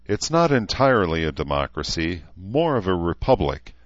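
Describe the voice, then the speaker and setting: A man's voice: deep voice, very animated, normal speed, no room sound. A man voicing a weary middle-aged male town leader who speaks coldly and wryly. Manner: cold, wry, talkative. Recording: slightly dull recording.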